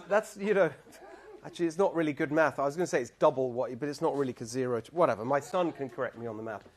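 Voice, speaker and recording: A middle-aged man with a British accent giving a chatty, self-deprecating campaign talk to a crowd in a barbecue restaurant, bantering with the audience. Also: fairly high pitch. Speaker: political candidate.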